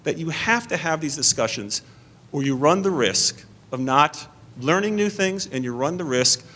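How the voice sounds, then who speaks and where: A man's voice: on the high side, lively intonation, moderate pace, sharp tone. A middle-aged man answering in a debate from a stage podium, earnest and stumbling over restarts. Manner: earnest, repeats and restarts under pressure.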